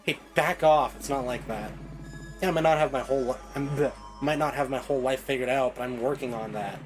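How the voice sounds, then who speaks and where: A man's voice: medium pitch, a little fast, pitched below the performer's own voice, close to an everyday voice. A man voicing an anxious young woman paladin on a game stream, reading her lines with a flustered, pleading manner. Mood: defensive. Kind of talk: reading game dialogue aloud. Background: game soundtrack music.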